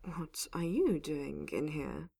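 A woman voicing a sick, suspicious young male mage in pain, speaking in strained, breathy whispers. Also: deep voice, animated, slow, full character voice.

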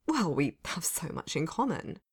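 A woman's voice: deep voice, moderate pace, husky, heavily acted. Jack Skellington, read by a woman. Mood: earnest. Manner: hopeful, bursts into excited exclamations. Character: cheerful eager male skeleton, tall and lanky.

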